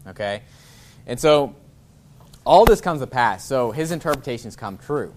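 A man preaching a sermon in a relaxed, informal way, chuckling often and breaking off to restart his sentences. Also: medium pitch, slight background noise. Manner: reads scripture in a slower, formal cadence. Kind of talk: sermon with scripture reading.

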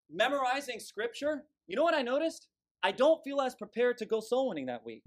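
Man, preacher, fiery sermon, forceful, scornful, emphatic. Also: high-pitched.

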